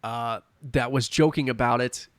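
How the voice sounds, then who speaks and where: A man's voice: medium pitch, fairly even intonation, normal speed, no echo. A man speaking as a podcast guest in casual conversation, earnest and thoughtful.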